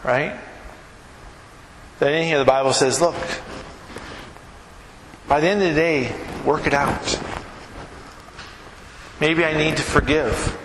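A man's voice: on the high side, slow, long pauses. A middle-aged man, preaching a sermon as pastor in a loose, conversational way, often tagging lines with "right?". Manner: conversational, keeps asking "right?"; tells stories with vivid, animated mimicry. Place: church sanctuary. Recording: echoey hall, noisy room tone.

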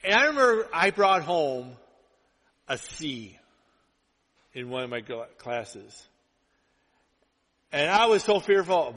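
A male pastor preaching a sermon, telling stories with lively acted-out quotes. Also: on the high side, unhurried, long pauses. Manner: animated storytelling, acts out quotes. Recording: long hall reverb.

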